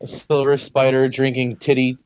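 A man's voice: medium pitch, monotone, normal speed, darkish tone, clear, resonant tone. A man in a casual podcast chat, blunt and swearing freely.

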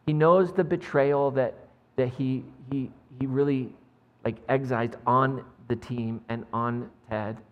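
A male pastor preaches a sermon in a church sanctuary with long reverb, speaking slowly in a mid-range voice with fairly even intonation, the highs cut off. He talks conversationally, full of "like" and "right?", and jokes with the congregation.

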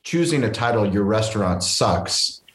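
A man's voice: on the low side, lively intonation, normal speed, fairly bright tone, echoey room. A man hosting a podcast and chatting casually and enthusiastically with his guest. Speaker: podcast host. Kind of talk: casual interview.

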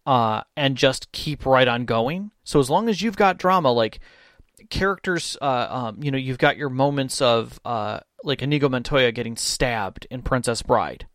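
A man co-hosting a casual chat about tabletop role-playing games, rambling and halting with lots of fillers and restarts. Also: mid-range voice, expressive, a bit bright, dry recording, clean studio sound. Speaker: tabletop game podcast co-host.

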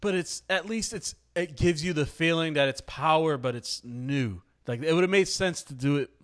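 A man's voice: on the high side, moderate pace, fairly bright tone. Laid-back, amused podcast co-host man. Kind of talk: casual chat.

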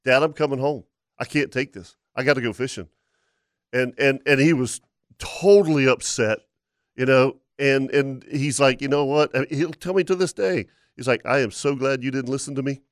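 A man's voice: mid-range voice, normal speed, no room sound, studio quality. A man co-hosting a fishing talk show, chatting casually and chiming in with short agreeing remarks. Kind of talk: casual chat.

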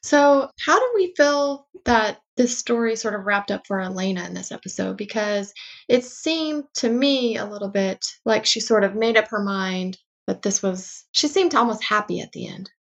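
A woman's voice: medium pitch, expressive, normal speed. A woman in her thirties co-hosting a podcast, chatting casually about a TV episode, filling her talk with "like" and acting out quotes. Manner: chatty, many "like" fillers, acts out quotes. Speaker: podcast co-host. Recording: dull lo-fi recording.

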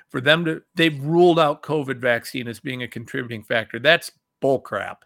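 A middle-aged male talk show host, delivering angry political commentary. His voice is gravelly and bright, with a dry, close recording, and he swings from loud outbursts to low muttering. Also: steady tone, normal speed, hardly any pauses, no room sound. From Ohio.

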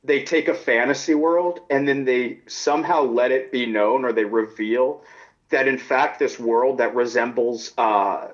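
A man's voice: medium pitch, unhurried. Rambling man on a dull lo-fi recording. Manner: rambling, playful storyteller. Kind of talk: casual chat. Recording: dull lo-fi sound.

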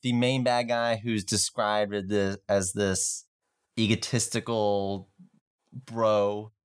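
Male co-host, low voice, thoughtful and halting in relaxed conversation. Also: smooth. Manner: thoughtful, hesitant restarts. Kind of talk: casual book discussion.

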